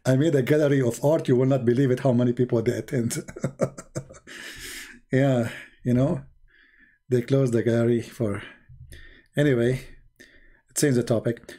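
A man's voice: mid-range voice, fairly even intonation, normal speed, long pauses, dark tone. A man giving a sarcastic, mocking commentary monologue as an online religious debater, theatrical in delivery.

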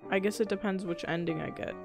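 A woman's voice: mid-range voice, quick pace, creaky, music in the background. A young woman streaming a game live, reacting to chat with exasperated outbursts of disbelief. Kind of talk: live gameplay commentary.

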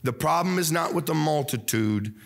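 A man's voice: lively intonation, moderate pace, vocal fry, faint music behind. Fervent young man preaching a sermon. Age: young adult. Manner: fervent, swings between loud mock voices and low asides. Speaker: pastor.

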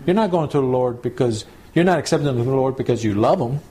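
Man with a warm, dark voice teaching scripture. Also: medium pitch, lively intonation, slightly rough. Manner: conversational, checks in with listeners, slows to read scripture. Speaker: pastor. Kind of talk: home church Bible teaching.

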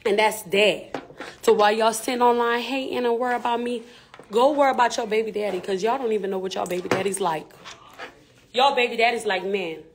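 A woman's voice: on the high side, fast, slight background noise. A woman rapper, talking candidly and emphatically on a live stream in repetitive street slang.

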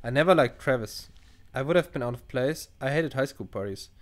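A man's voice: medium pitch, animated, brisk. Man reading game chat with sarcastic asides. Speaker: let's play gamer. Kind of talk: casual let's play commentary. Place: at home at a computer.

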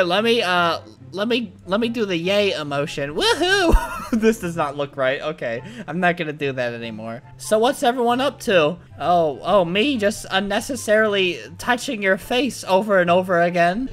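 A young man giving excitable, foul-mouthed comedic commentary while playing a game, often bursting into laughter. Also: high-pitched. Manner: excitable, swears a lot, frequent laughing outbursts. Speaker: gaming YouTuber. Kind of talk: comedic let's-play commentary.

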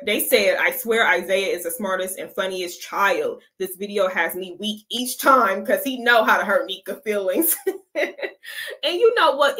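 A woman's voice: medium pitch, sharp tone. Laughing woman hosting a chatty reaction stream. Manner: laughs often, slangy and chatty with viewers. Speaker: reaction video host. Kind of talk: casual reaction commentary.

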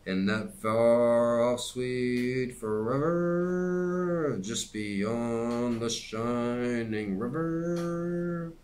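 A man voicing a church music leader who lines out hymns slowly in a rumbling voice. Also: fairly even intonation, natural voice. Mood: chanting. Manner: slow, drawn-out hymn lining.

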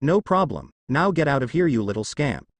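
A man voicing a fond, doting middle-aged father who runs a shop, a touch lower and gruff. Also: very animated, fairly quick, dry recording.

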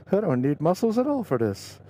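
A man's voice: high voice, low-quality recording. A middle-aged man motovlogging, casually telling a story from his youth and acting out the voices of the people in it. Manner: animated storyteller, acts out quoted voices. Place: outdoors on a motorcycle. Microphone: helmet headset mic. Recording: road and traffic noise behind.

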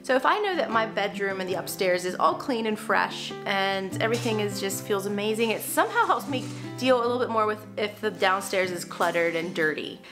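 A woman's voice: medium pitch, lively intonation, a little fast, few pauses, over music. A young woman, a mom and vlogger, chatting casually about housekeeping and using lots of filler words. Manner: chatty, frequent "like" fillers, self-deprecating asides. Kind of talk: casual talk to camera while cleaning.

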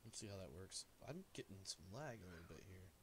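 A man's voice: low voice, expressive, quick pace. A man streaming a game with friends, joking around and laughing often in casual chat.

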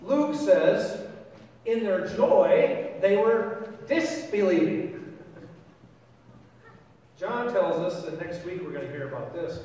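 A pastor delivering a sermon in a church sanctuary, his voice pitched high and ringing through a long, echoey hall. He is animated and playful, often stopping to ask the congregation questions. He is picked up from far off, with faint room noise underneath. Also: slow pace, pauses often.

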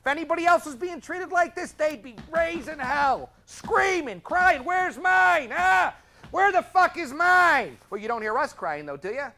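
An actor playing a bitter, foul-mouthed middle-aged police officer in a stage drama, blunt and defiant. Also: male voice, extremely high pitch, sing-song, normal speed, hardly any pauses, bright, forceful tone, full character voice. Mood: angry.

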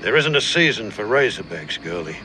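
An actor playing a curt, gruff male boar hunter with an Australian accent, in film audio. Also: on the low side, very animated, a little fast, noisy background.

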